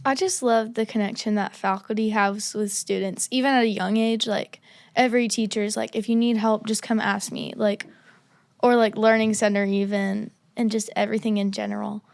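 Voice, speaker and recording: A woman's voice: medium pitch, level tone, normal speed, vocal fry, darkish tone, no echo. A teenage girl chatting casually as a student guest, filling her talk with "like". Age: teens. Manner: casual, lots of "like". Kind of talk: casual interview chat.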